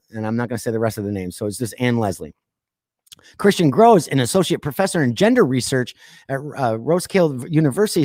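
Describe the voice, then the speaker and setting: A man hosting a podcast, reading odd news stories aloud and breaking off into sarcastic asides, laughs and deliberate quiet pauses. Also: a little high, no echo, clean studio sound. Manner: reads news items then riffs with sarcastic asides and laughs; drops to quiet voice for dramatic pauses. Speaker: podcast host. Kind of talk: casual news commentary.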